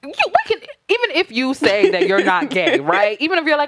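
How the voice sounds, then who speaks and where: A woman co-hosting a podcast in casual chat, blunt and animated, swearing freely. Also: on the high side, normal speed, few pauses, no echo, studio quality. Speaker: podcast co-host.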